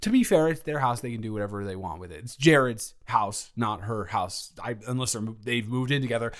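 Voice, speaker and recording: A man's voice: medium pitch, fairly quick. A young man improvising an audio role-play, talking in a flustered, rambling way with many stammering restarts.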